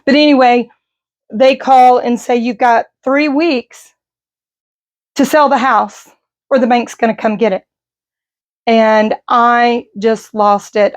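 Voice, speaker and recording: A middle-aged woman vlogging, telling a personal story in a rambling, emotional way with many fillers. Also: a little high. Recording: slightly dull lo-fi audio.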